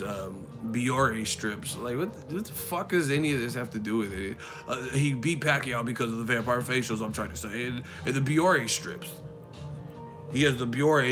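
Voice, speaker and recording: A man hosting a boxing live stream, riffing in a mocking, foul-mouthed rant. His voice sits at an ordinary middle pitch, and clear music plays behind him. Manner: mocking and profane, fast riffing.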